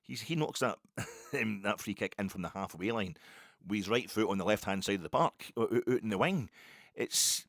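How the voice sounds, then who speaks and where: Guy rambling about football on his podcast, low voice, dry close sound. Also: moderate pace, no echo. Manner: rambling, excitable, lots of restarts and asides. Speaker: podcast host. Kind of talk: solo football podcast chat.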